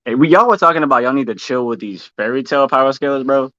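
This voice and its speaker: A man's voice: mid-range voice, fast, no room sound. Questioning man on a dull mic. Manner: questioning, thinks out loud with restarts. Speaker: podcast host. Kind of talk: casual chat about anime.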